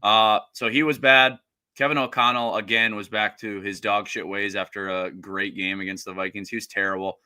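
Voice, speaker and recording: A man's voice: lowish voice, little pitch movement, normal speed, sharp tone, smooth, dry recording. A man co-hosting a sports podcast, talking bluntly and with plenty of swearing, exasperated with his team. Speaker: podcast co-host. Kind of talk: casual sports chat.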